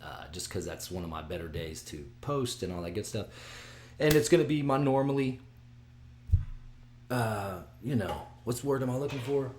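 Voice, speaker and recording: A man hosting his own video, talking excitedly and rambling, with frequent restarts and sudden drops to a mutter. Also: medium pitch, normal speed, a little hiss or hum. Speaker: vlog host giving fight picks. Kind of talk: casual solo video chat.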